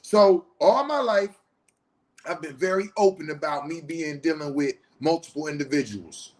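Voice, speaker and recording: A middle-aged man in an emotional confessional monologue, blunt and full of swearing, swinging from loud outbursts to low muttering. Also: expressive, moderate pace. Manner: profane, heated and blunt. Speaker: host.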